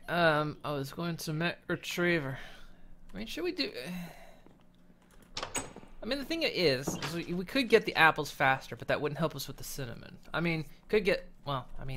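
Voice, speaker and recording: A man's voice: fairly high pitch, animated, normal speed, sharp tone, slight background noise. A man streaming a video game, chatting casually and thinking aloud with hesitant restarts. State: hiccuping. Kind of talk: casual gameplay chat.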